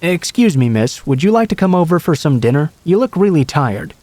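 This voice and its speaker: A man's voice: fairly high pitch, sing-song, fairly quick, a little mellow, no echo, pitched above the performer's own voice. A man voicing an elderly woman neighbor who sweetly insists on being invited in. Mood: coaxing. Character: friendly old woman neighbor, pushy.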